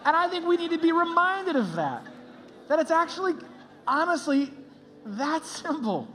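A man preaching a sermon as a pastor in a lively, conversational way, laughing often. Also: very high voice, moderate pace, background noise.

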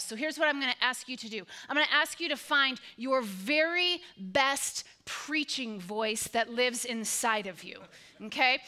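Woman, pastor, sermon, emphatic repetition, high-pitched. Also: bright, forceful tone. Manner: emphatic, repetitive preaching cadence.

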